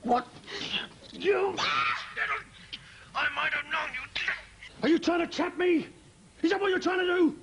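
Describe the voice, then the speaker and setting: A man's voice: extremely high pitch, brisk, heavy background noise. A ruthless, blustering businessman. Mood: furious. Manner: blustering, furious accusations. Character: ruthless scheming middle-aged businessman. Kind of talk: TV drama dialogue.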